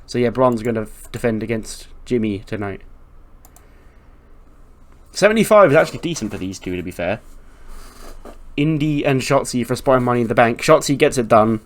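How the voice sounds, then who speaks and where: A man's voice: mid-range voice, animated, normal speed, long pauses. A man hosting a let's-play, narrating a wrestling management game in casual, profane, joking commentary.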